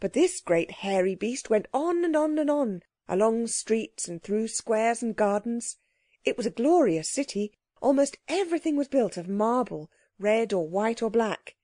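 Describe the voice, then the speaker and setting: A woman narrating a children's audiobook in a clear, gently expressive storytelling manner. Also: on the high side, unhurried, no echo, studio quality.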